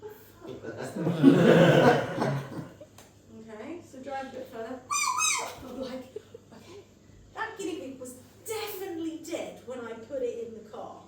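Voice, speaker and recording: High-pitched woman doing stand-up in echoey venue. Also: moderate pace, far from the mic, very noisy. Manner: animated storytelling, swearing. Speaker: stand-up comedian. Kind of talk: stand-up set. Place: comedy club stage. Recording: echoey venue mic, audience laughter.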